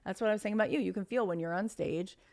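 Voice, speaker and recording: A middle-aged woman speaking as a podcast guest, talking in an animated way, acting out quotes and sometimes dropping to a whisper. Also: mid-range voice, racing, creaky. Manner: animated, acts out quotes, drops to a whisper for emphasis. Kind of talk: conversational podcast interview.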